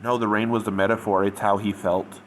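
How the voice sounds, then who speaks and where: Low-voiced man rambling through a review. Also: level tone, fairly quick, a little hiss or hum. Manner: rambling retelling, full of "like" and "or whatever". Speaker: fanfic reviewer. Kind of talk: casual spoken review.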